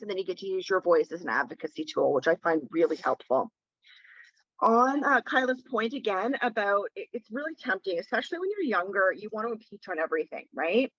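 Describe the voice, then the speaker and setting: A woman's voice: mid-range voice, a bit bright, dry recording. A woman defence lawyer teaching in a webinar, talking in a direct, conversational way and leaning on key words, heard through a phone. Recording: dull lo-fi phone audio.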